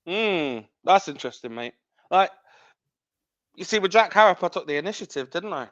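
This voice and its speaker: A man's voice: high-pitched, expressive, moderate pace, a bit bright, dry recording, highs cut off. A man, a wrestling champion cutting an angry, profane, taunting promo as a podcast guest.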